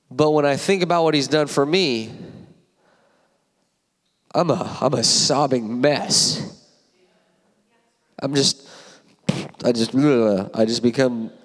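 A man in his forties delivers a passionate sermon from a church platform, swinging between tender moments and animated emphasis. His voice sits at an ordinary middle pitch and rings out with the long reverb of the sanctuary. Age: 40s. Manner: emotional, animated preaching with asides to the congregation. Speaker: guest preacher.

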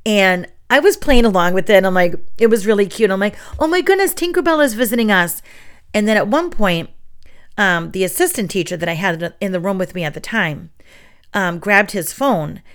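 A middle-aged woman, a teacher hosting a story show, reading a bedtime story and then chatting in a gushing, animated way. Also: medium pitch. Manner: gushing, animated storyteller who acts out quotes. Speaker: preschool teacher and story podcast host.

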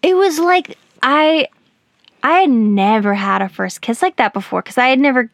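A woman hosting a podcast, telling a personal story in casual chat, animated and giggly with lots of fillers. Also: high voice, normal speed, no room sound, clean studio sound. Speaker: podcast host.

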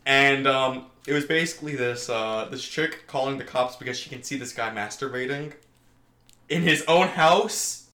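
A man's voice: medium pitch, moderate pace, bright, forceful tone. A young man hosting a podcast, telling stories in a loose, joking casual chat. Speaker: podcast host. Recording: roomy echo.

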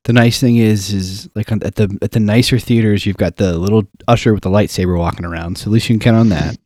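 Young male co-host, lowish voice, dry close recording, lively anecdotal delivery. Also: fast talker, no room sound. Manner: animated storyteller who acts out quotes. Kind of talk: casual chat.

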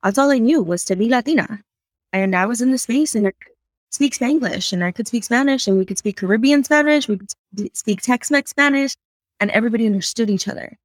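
A woman's voice: a little high, fairly quick, dry recording, studio quality. A woman in her thirties from San Antonio, Texas, talking as a guest in a casual interview and acting out people's voices when she tells stories. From South Side of San Antonio, Texas. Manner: animated storyteller who acts out voices in quotes. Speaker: podcast guest.

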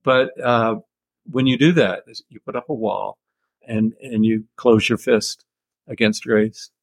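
An older American man speaks at a middle pitch in a measured, reflective way, telling stories with quiet chuckles. The sound is dry and close, with no room around it. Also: steady tone, creaky, slightly rough, no room sound. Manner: measured, thoughtful storytelling with soft chuckles. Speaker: author being interviewed. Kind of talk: reflective interview answers.

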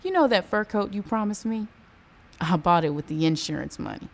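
A scheming widow who taunts her late husband's ashes in a low, mocking voice, in a told joke, voiced by a Texan woman. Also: lively intonation, fairly quick, vocal fry.

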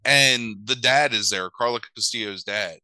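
A man casually chatting as a podcast co-host, retelling a story and acting out characters in quick voices. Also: medium pitch, sharp tone, no room sound, low-quality recording. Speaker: podcast co-host recapping a movie. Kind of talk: casual chat.

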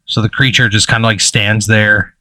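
A low-pitched man narrating as game master in a casual, meandering way. He stumbles through fillers and restarts. The sound is dry and close, with no room around it. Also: level tone, pushed and bright, no room sound. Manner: casual, halting, lots of fillers.

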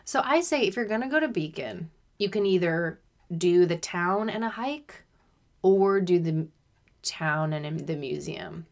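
A woman co-hosting a relaxed podcast chat. Her voice is lively and swings widely in pitch. She laughs easily and jumps in quickly with reactions. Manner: giggly, animated, quick to react. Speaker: podcast co-host. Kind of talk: casual chat.

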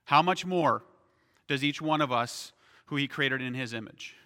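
Man, pastor, conversational sermon, ringing bright voice, reverberant hall. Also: medium pitch, moderate pace. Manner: conversational preaching with frequent "right?" asides.

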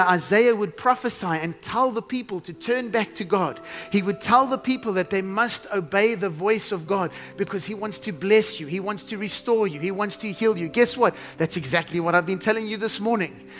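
A man preaching a sermon as pastor, emphatic, slowing to stress key phrases and dropping to a hushed tone. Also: high-pitched, soft background music.

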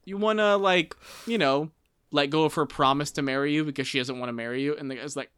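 A fast-talking man with a slightly high voice co-hosts a casual book podcast, recapping chapters. He's animated, laughs often, and acts out characters in funny, playful voices. There's a little hiss or hum in the audio.

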